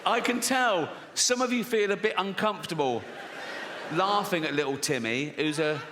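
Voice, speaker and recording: Brash sweary stand-up comic. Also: male voice, high voice, animated, moderate pace, pushed and bright, slight background noise. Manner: brash, sweary, mock-outraged. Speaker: stand-up comedian. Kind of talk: stand-up routine. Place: large theatre stage. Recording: live hall with reverb.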